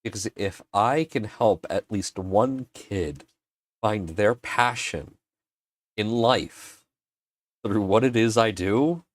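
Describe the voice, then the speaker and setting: A man's voice: lowish voice, slow, no room sound. A man hosting a casual livestream from his home workshop, earnest and emotional, often restarting his sentences. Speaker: livestream host and maker.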